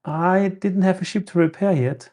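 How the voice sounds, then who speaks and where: Relaxed stream guest, casual banter with the host. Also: mid-range voice, moderate pace. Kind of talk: casual chat.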